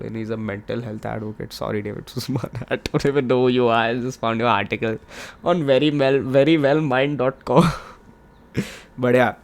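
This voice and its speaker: A man's voice: medium pitch, gravelly. A man in his twenties with an Indian accent, hosting his podcast in a hyped, rambling, joking way. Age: 20s. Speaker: podcast host. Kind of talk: casual solo podcast chat.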